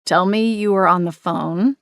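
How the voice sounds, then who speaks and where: A woman's voice: fairly low pitch, measured pace, vocal fry, dry recording, studio quality. A woman voicing an exasperated young husband. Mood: wary. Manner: grumbling.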